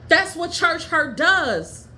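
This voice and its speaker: A woman hosting her own podcast, telling personal stories in a blunt, profane and heated way, at times dropping low and quiet. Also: big pitch swings, slow pace. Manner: drops low and quiet when telling family matters. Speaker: podcast host. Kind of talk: candid personal storytelling.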